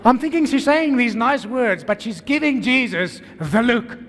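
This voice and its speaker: A South African man, a pastor, preaching an energetic sermon full of rhetorical questions and calls to the congregation. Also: extremely high pitch, moderate pace. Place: church. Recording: long reverb of a church hall.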